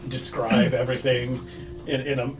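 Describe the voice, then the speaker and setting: A man's voice: medium pitch, level tone, normal speed, distant mic, music in the background, rough recording. A man playing in a tabletop game, making wry, teasing remarks to the group. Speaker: player. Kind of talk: casual tabletop play chat.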